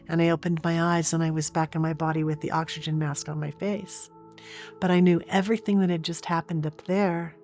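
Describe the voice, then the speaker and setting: Low-voiced woman telling her story. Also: a little mellow. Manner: earnest, vivid retelling. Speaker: interview guest. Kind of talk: personal storytelling in an interview.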